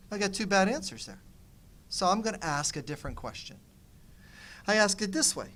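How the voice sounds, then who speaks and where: A man's voice: sits high, a little fast, a little hiss or hum. A middle-aged man teaching nonviolent communication, telling a personal story on a panel and acting out both sides of a conversation. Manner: animated, acts out dialogue.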